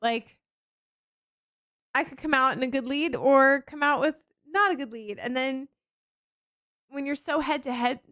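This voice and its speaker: A woman hosting an esports watch-party stream, reacting with excitement and talking through strategy in a loose, chatty way. Her voice is somewhat high for a woman. The sound is close and dry, with no room echo. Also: a little slow, pauses often. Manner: excitable, chatty, full of "like" and "you know". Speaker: stream host.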